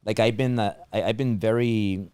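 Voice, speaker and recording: Low-voiced man with a strained, fading voice. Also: steady tone, moderate pace, a little mellow, smooth, dry recording. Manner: rambling, many restarts and fillers. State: losing his voice, strained throat. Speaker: podcast host. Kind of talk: casual interview chat.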